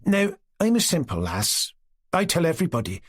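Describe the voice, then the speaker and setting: A talkative young Cossack girl, as a man reading puts her on, teases in a bright, high, lilting voice. The tone stays a little husky and close. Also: wildly swooping pitch, moderate pace, heavily acted. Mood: teasing. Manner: eager, teasing, talkative.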